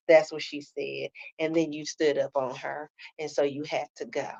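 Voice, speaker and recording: A woman's voice: low voice, little pitch movement, normal speed, gravelly, few pauses, a little mellow, lo-fi sound. A woman giving a blunt, sassy commentary on a reality show, keeps tagging her points with "okay?". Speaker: reality TV reviewer. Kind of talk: casual commentary.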